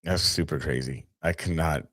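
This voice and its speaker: A man's voice: extremely low pitch, moderate pace, bright, forceful tone, dry recording. A man casually commenting on footage during a live stream, rambling and restarting his sentences.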